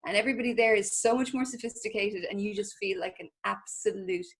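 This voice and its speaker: A woman's voice: medium pitch, quick pace, husky. A woman with an Irish accent, a crime writer telling candid, self-deprecating stories in a casual panel chat over a video call.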